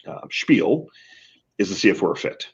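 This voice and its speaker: Gravelly man coaching, dull lo-fi audio. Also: deep voice, very animated, moderate pace. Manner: explanatory, coaching. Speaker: marketing guest expert. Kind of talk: video call interview.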